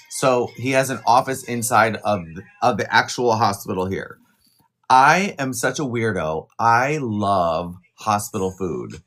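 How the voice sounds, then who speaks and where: A man's voice: medium pitch, a bit bright. Chatty man rambling on a live stream. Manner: chatty, rambling, quick asides to viewers. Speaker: livestream host. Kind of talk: casual live chat.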